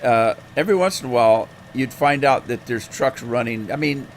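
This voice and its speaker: A man's voice: medium pitch, lively intonation, normal speed, a little hiss or hum. A man streaming a farming game, telling a folksy, rambling story with plenty of fillers and restarts. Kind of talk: casual storytelling while gaming.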